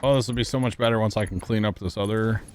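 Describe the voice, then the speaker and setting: A man with a lowish voice talks loosely to his stream chat while he plays, rambling and quick to laugh. A faint hum sits under his voice. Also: fairly even intonation. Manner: chatty, rambling, thanks viewers and laughs easily. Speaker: livestreamer. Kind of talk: casual gaming livestream chat.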